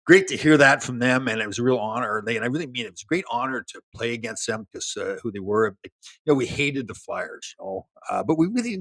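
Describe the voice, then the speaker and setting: Fast-talking husky older man. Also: mid-range voice, no room sound. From Canada. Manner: animated storyteller, laughs, many restarts. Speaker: guest, former pro hockey player. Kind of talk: casual storytelling interview.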